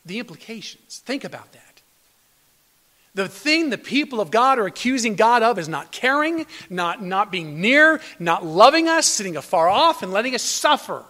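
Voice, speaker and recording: A man preaching a sermon to his congregation as a pastor, swinging between loud emphatic lines and hushed near-whispers. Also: sits high, big pitch swings, moderate pace. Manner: addresses congregation as brothers and sisters. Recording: long hall reverb.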